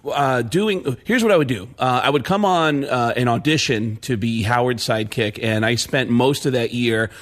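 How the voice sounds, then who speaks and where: A man, a comedian guest, telling an animated story on a radio show and slipping into celebrity impressions. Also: mid-range voice, normal speed, few pauses. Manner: animated, lively, laughing often.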